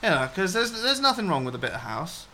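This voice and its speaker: A man hosting a radio show chats casually and rambles, restarting sentences and tossing in the odd swear word. His voice sits high and is bright and forceful, very animated and a little fast, with slight background noise.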